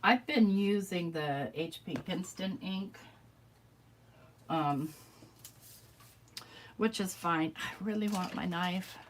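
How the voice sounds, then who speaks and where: Hoarse woman muttering while crafting. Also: lowish voice, takes it slowly, pauses often, a little hiss or hum. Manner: chatty, muttering, self-deprecating. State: losing her voice. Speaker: crafting vlogger. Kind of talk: casual crafting commentary, talking to herself.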